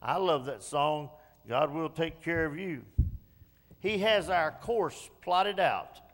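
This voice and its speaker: A man's voice: on the high side, takes it slowly, fairly bright tone. A man preaching a sermon in a church, emphatic and repeating key phrases. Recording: long reverb of a church hall.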